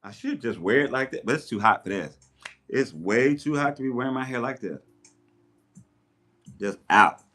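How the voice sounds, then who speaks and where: A man's voice: mid-range voice, moderate pace, long pauses. Chatty man livestreaming while doing his hair. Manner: chatty, animated storyteller with playful voices in quotes. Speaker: live streamer. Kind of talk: casual livestream chat. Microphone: tablet mic.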